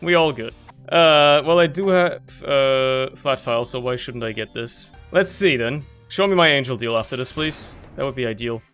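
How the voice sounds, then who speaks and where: A man's voice: mid-range voice, normal speed, smooth, soft background music. A young man giving casual, slangy commentary on his own gameplay, often laughing and getting worked up over what happens in the game. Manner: animated, laughing, slangy, talks to himself while playing. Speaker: gaming YouTuber.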